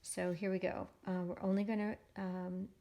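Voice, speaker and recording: A woman teaching a phonics lesson to young children, sounding out each syllable slowly and patiently. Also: fairly low pitch, level tone, creaky, dark tone.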